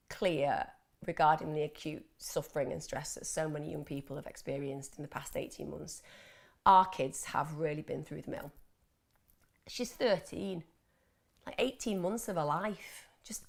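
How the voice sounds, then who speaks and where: A woman's voice: low voice, vocal fry. A woman hosting a live mental health Q&A, chatting casually and reading out viewer questions. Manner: chatty, animated, laughs often, mimics voices. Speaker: host of a mental health Q&A livestream.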